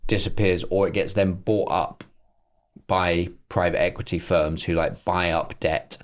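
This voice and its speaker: A man's voice: low voice, a little slow. A British man co-hosting a comedy podcast, telling stories in a casual chat and acting out the voices in them. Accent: British English. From Britain. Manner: animated storyteller, acts out voices in anecdotes. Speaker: podcast co-host.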